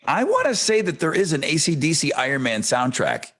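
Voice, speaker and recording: A man co-hosting a podcast, chatting casually in a measured, matter-of-fact way. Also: on the high side, big pitch swings, fairly bright tone. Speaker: podcast co-host. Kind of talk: casual chat.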